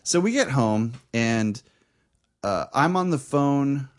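A man chatting on a podcast with a lively, swinging pitch, his voice shooting up when he mimics someone. He talks in a mid-range voice and tells his story casually. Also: slow. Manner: animated, shrieks when mimicking his girlfriend. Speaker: podcast co-host.

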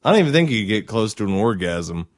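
A man's voice: on the low side, very animated, fast talker. A man co-hosting a casual podcast chat, joking and riffing in crude banter. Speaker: podcast co-host.

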